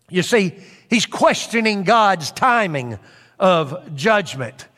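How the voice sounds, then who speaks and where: A man's voice: sits high, sing-song, slow pace, fairly bright tone, big-room sound. A man preaching a sermon in an earnest way, repeating phrases for emphasis with frequent fillers.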